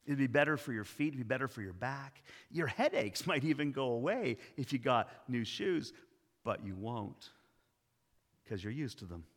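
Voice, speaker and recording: Jesus, played by a man slow and tender. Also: medium pitch, animated, fairly bright tone. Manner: slow, deliberate, tender with bursts of authority. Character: Jesus, gentle but commanding man. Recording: long hall reverb.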